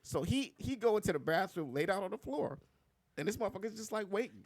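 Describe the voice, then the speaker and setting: A man's voice: high-pitched, fast, dry recording, studio quality. A man with a Philadelphia accent telling a wild story on a casual talk show, laughing as he goes. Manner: laughs through his own story, animated. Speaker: host.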